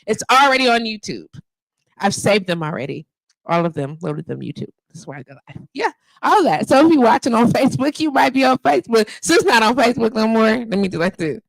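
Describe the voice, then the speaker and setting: A gravelly-voiced woman in her fifties hosts a live radio show from her home studio, speaking a little high, very animated and brisk. She chats casually and emphatically, full of slang, into a handheld mic; the recording is rough with no echo.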